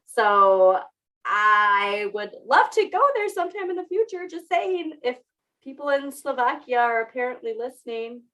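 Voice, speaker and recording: A young woman co-hosts a podcast in loose, casual conversation, laughing often and poking fun at herself. Her voice is bright and pitched a little high. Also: expressive, moderate pace, poor audio. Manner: chatty, laughs often, self-teasing. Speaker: podcast co-host. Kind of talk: casual chat.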